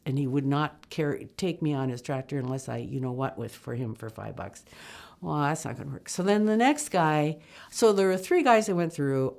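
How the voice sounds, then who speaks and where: An older woman spins a personal travel tale in a lively, rambling way. She keeps stopping and restarting and fills the gaps with casual asides. Her voice sits a little low for a woman, and she slips into other people's voices as she goes. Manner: animated, acts out quoted voices; chatty, many fillers and restarts. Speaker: storyteller.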